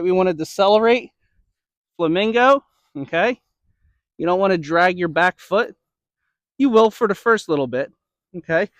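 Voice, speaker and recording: A man's voice: high-pitched, dry recording. A man coaching baseball throwing drills, checking in often with "okay?" and a little out of breath. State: slightly out of breath. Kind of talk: instructional demo.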